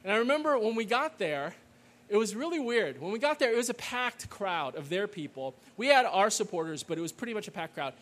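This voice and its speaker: Middle-aged male storyteller, high and lively, keeps asking "okay?", live audience. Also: fairly quick. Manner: animated, peppers lines with "okay?" and "right?"; loud call-and-response chanting with the audience. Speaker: speaker telling a story to an audience.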